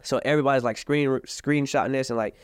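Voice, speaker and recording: A young man in his twenties, telling a story in casual chat with a lot of street slang and fillers, and acting out the other people's lines in a higher voice. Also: fast talker, clear, resonant tone, no echo, studio quality. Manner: animated, acts out the other side's lines in a high voice. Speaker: boxer and podcast guest.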